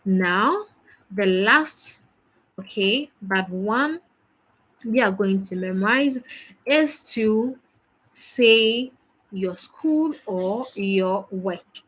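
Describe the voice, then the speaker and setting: In a rough recording, a woman with a medium-pitched, slightly rough voice gives a language lesson in French. She drills phrases patiently and offers praise after each answer.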